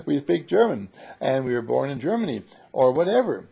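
A man with a gravelly, husky voice talks in a loose, rambling, playful way, stopping and restarting as he goes. His tone is dark and mellow, and the lo-fi recording sounds dull. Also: mid-range voice, very animated, normal speed. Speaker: seminar leader. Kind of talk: casual group conversation.

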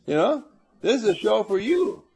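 A man giving a spiritual lecture to a live audience, animated and teasing, acting out little scenes as he goes. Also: high-pitched, normal speed, breathy edge. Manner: animated, acts out little scenes in funny voices; coaxes and teases the audience. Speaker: motivational speaker.

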